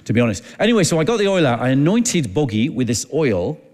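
Preacher telling a story in a reverberant hall. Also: male voice, mid-range voice, big pitch swings, a little mellow. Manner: chatty, halting, acts out dialogue. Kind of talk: anecdotal sermon storytelling.

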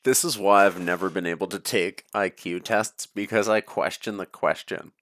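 A man's voice: deep voice, steady tone, moderate pace, a bit bright. A man hosting a podcast, chatting casually and crudely, joking as he rambles while reacting to an audiobook. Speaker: podcast host.

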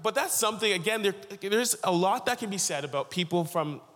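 A man's voice: sits high, lively intonation, brisk, a bit bright, in a large hall. A man from Ontario preaching a sermon as a pastor, telling stories earnestly with frequent restarts. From Canada (Ontario).

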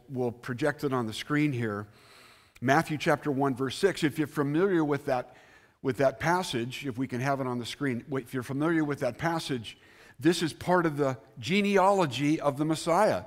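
A pastor preaching to his congregation, a man with a fairly high voice. He talks earnestly, lifting his voice on key words and then letting it drop soft and low. He is speaking in a church sanctuary. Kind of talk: sermon.

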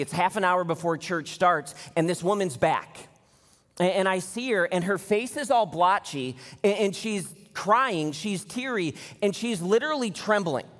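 A man in his thirties preaching a sermon, telling stories in an animated way and acting out the people he quotes. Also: high-pitched. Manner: animated storytelling, acts out quoted voices. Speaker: pastor. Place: large church hall. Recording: long hall reverb.

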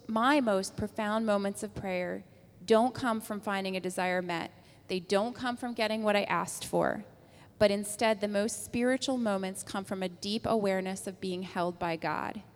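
A woman giving a calm, reflective talk on prayer at a church service. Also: mid-range voice, moderate pace. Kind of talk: reflective sermon reading. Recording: long echo of a hall.

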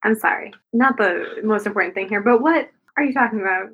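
A woman's voice: medium pitch, brisk, husky, phone-quality sound. A woman co-hosting, reacting with laughs and taking a turn reading the story aloud. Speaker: co-host. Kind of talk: casual chat and read-aloud.

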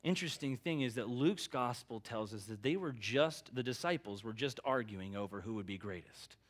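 A man's voice: medium pitch, animated, moderate pace. A male pastor preaching a sermon in an earnest, emphatic, conversational way.

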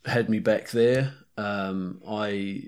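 A man's voice: fairly low pitch, steady tone, extremely slow, darkish tone, smooth. A man in his forties from New Zealand, with an accent mixing Kiwi, British, South African and Canadian, chatting as a guest in a rambling way with many fillers. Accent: mixed New Zealand, British, South African and Canadian. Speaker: guest, firearms instructor. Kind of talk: casual interview chat.

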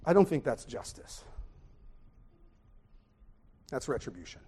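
A man preaching a sermon, animated, swinging from loud exclamations to hushed tones. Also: mid-range voice, a little slow, husky.

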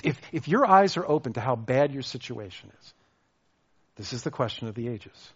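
A man preaching a sermon as pastor, lively and repeating words as he restarts his thoughts. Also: mid-range voice, measured pace, husky. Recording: dull lo-fi sound.

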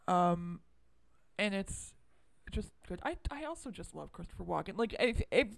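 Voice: mid-range voice, sing-song, moderate pace, creaky. A podcast co-host in casual movie-review chat who rambles, runs themselves down and swears freely.

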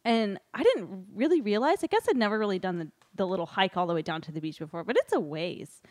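A woman's voice: medium pitch, quick pace, no echo. Woman telling an embarrassing story, laughs a lot, dry close sound. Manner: laughing often, animated retelling with quoted dialogue. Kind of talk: casual storytelling.

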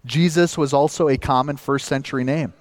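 A man's voice: mid-range voice, fairly even intonation, brisk, big-room sound. A man from northern Minnesota preaching a sermon as pastor, earnest and building up to emphatic points.

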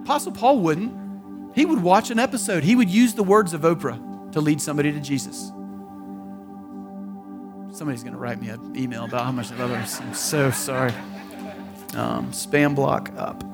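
A man preaching in a relaxed, talky way, slipping into little quoted voices as he goes. His voice sits high. Music plays clearly underneath him. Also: normal speed, pauses often. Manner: conversational, acts out quoted voices. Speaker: pastor. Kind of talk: sermon.

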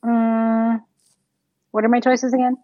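A woman co-hosting a podcast, making playful, deadpan quips in casual chat. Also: a little high, takes it slowly, no echo, dull audio, faint music behind. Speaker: podcast co-host.

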